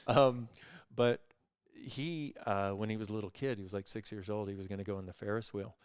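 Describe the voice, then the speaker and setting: A man appearing as a guest, telling stories in an animated way and acting out other people's voices as he goes. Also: lowish voice, fairly quick, smooth, no echo. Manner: acts out other people's voices in lively quoted dialogue. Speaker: guest speaker on consciousness. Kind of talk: animated storytelling in conversation.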